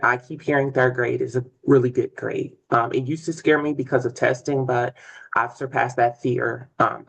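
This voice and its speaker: A woman in her forties, a pre-K teacher, introducing herself on a video call in a hesitant way, with many pauses. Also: rumbling low, gravelly, slightly rough, rough recording.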